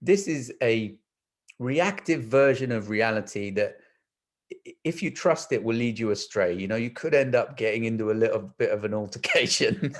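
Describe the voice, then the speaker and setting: A man with a voice of ordinary, mid-range pitch, answering as a guest in a Q&A session. He talks earnestly and reflectively, working through ideas aloud with plenty of doubled words and fresh starts. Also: lively intonation, moderate pace. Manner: earnest, thinks aloud with frequent repeated words and restarts. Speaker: guest speaker in a Q&A. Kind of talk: reflective explanatory talk.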